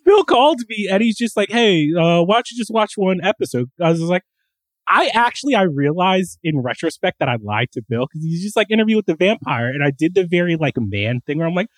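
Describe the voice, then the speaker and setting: A man's voice: high voice, sing-song, brisk, no echo. A man as a guest on a podcast over a video call, hyped and laughing, jumping into silly voices.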